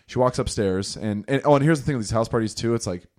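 A man's voice: medium pitch, fast talker, darkish tone. A young man casually telling a rambling, profane, self-deprecating story in a podcast chat.

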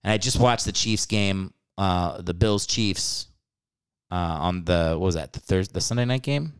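A man's voice: low-pitched, measured pace, clean tone. A man hosting a podcast, ranting about sports in a casual comedic way. He swears freely and laughs often. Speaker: podcast host.

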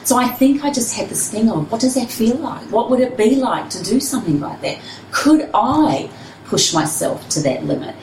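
A woman's voice: fairly high pitch, animated, normal speed, darkish tone, reverberant, far from the mic, a little hiss or hum, low-quality recording. A woman, a personal trainer and runner, telling her story candidly and expressively in an interview.

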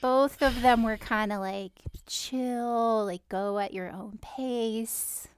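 A woman's voice: a little high, fairly even intonation, slow, clean tone. A woman co-hosting a spiritual podcast in casual, playful, teasing chat. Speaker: podcast co-host, spiritual author.

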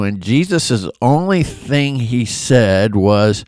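A man's voice: medium pitch, lively intonation, slow pace, hardly any pauses, smooth, no room sound. A man giving an informal, earnest Bible commentary, talking conversationally with asides and restarts. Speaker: Bible devotional host.

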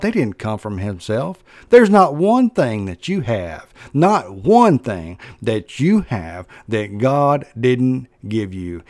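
A man preaching a sermon, emphatic and repetitive, slowing down to stress his points. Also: medium pitch, darkish tone, no room sound.

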